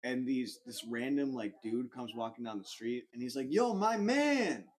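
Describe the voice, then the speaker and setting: Young male podcast co-host, mid-pitched, rambling and slangy, fills every line with "like". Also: normal speed. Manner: rambling, slangy, animated storyteller with lots of "like". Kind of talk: casual storytelling chat.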